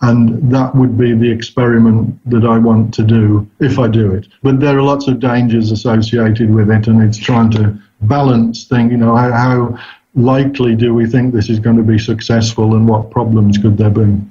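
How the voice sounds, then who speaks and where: A man's voice: mid-range voice, little pitch movement, moderate pace, warm tone. Man giving thoughtful hesitant answers. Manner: thoughtful, hesitant, frequent restarts. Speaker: interview guest, cybernetics researcher. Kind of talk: casual interview answers. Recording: dull lo-fi recording.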